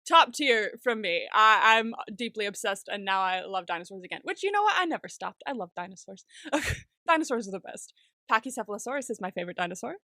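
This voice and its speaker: A young adult woman co-hosting a podcast in casual chat, excitable, swearing freely and laughing often. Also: mid-range voice, brisk, no room sound, clean studio sound. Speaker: podcast co-host.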